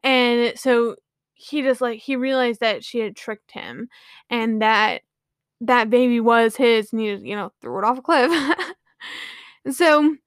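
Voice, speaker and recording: A woman's voice: a little high, measured pace, clear, resonant tone, dry recording, clean studio sound. A woman casually retelling a myth to her viewers, rambling with lots of "like" and "you know".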